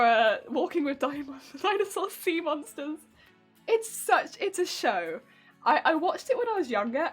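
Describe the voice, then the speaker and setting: A woman's voice: high voice, fairly bright tone, breathy edge. A chatty, giggly young woman streaming while she sews, gushing about a show and reading out chat. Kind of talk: casual chat while sewing. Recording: faint background music.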